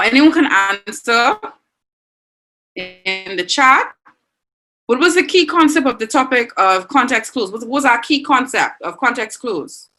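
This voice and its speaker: Bahamian woman teacher, bright voice. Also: mid-range voice. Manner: encouraging, reads out students' chat answers. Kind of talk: online class lesson.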